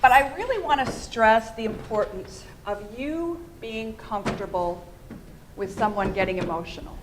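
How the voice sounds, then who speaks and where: A woman's voice: on the high side, moderate pace, noisy background. A middle-aged American woman giving a conference presentation, engaging her audience with questions as she speaks. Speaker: fundraising communications consultant. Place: presentation room.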